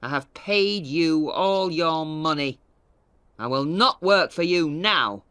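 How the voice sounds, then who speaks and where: A woman voicing a stern aging father who owns a mill, with a gruff manner. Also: low voice, expressive, slow, fairly bright tone, no room sound, full character voice. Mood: angry. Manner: gruff, sinks to a faint whisper.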